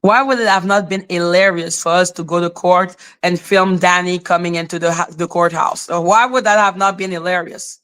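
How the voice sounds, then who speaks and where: A woman with a Haitian accent talks on a livestream in a bright, smooth voice. She is sarcastic and scornful, and she swears freely. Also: fairly low pitch, fairly even intonation, moderate pace, hardly any pauses. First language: French and Haitian Creole. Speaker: livestream host. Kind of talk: casual livestream commentary.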